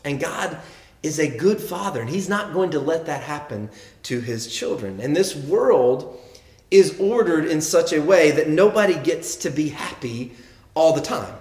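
A man's voice: a little high, a little mellow, roomy sound. A man preaching a sermon earnestly, often repeating words as he builds his points and reading quotes with emphasis. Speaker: pastor.

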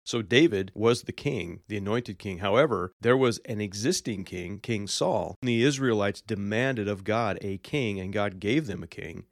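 Guy preaching, lowish voice, dry mic, tells the story with lots of life. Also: normal speed, few pauses, dry recording. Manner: animated storytelling, acts out quoted voices. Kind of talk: sermon with scripture reading.

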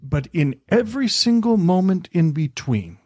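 A man speaking as a podcast guest, animated, often stammering and restarting words. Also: high-pitched, moderate pace, dry recording, studio quality. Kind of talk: podcast conversation.

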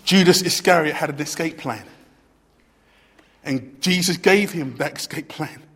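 A man preaching a sermon, swinging from hushed to loud and repeating words as he presses his point. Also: on the high side, unhurried, husky. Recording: long hall reverb.

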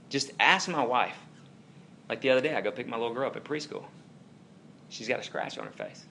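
A pastor in his thirties who preaches like he is chatting with friends. His pitch swings widely as he pushes a point, then drops low to bring it home, with a faint hum of room ambience behind him. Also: a bit bright. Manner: informal, talks directly to the audience, many fillers like "like". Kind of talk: conversational sermon.

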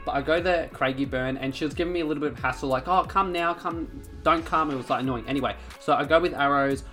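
A man's voice: mid-range voice, steady tone, rapid-fire, a bit bright, soft background music. An Australian man co-hosting a podcast, telling rambling stories in casual chat and swearing freely. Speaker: podcast co-host.

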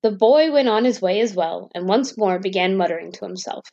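A woman reading a fairy tale aloud as a bedtime storyteller, in a steady, gentle way. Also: mid-range voice, brisk, no room sound. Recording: dull dry lo-fi recording.

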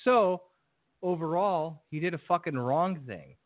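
A man's voice: a little high, animated, unhurried, no echo. Man, blunt and emphatic, swears a lot, casual discussion, dry close sound, tinny call audio. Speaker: podcast guest.

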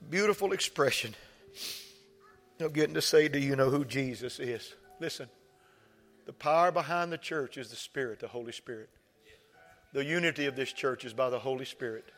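A pastor preaching in a big church hall, his bright, forceful voice carrying a long reverb. He tells stories in a folksy way and builds to impassioned peaks. Soft music plays underneath. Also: medium pitch. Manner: storytelling, rising to impassioned shouts. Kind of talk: sermon.

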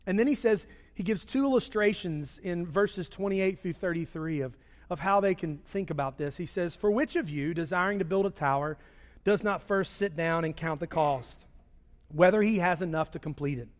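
A man preaching a sermon, swinging between loud raised delivery and hushed low passages. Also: moderate pace. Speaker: pastor. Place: church sanctuary. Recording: long reverb of a large hall.

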